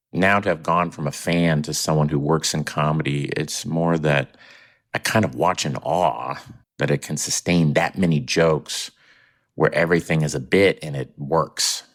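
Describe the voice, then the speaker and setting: A man's voice: very deep voice, measured pace. A man who works in comedy speaking reflectively, with some hesitations. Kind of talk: interview-style commentary.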